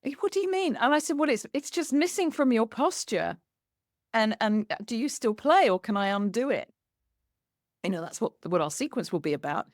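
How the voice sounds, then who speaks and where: A woman hosting a conversation, telling a lively anecdote and acting out the dialogue as she goes. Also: on the high side, normal speed, no room sound, clean studio sound. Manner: animated, acts out quoted dialogue with laughter. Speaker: podcast host. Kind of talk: storytelling in conversation.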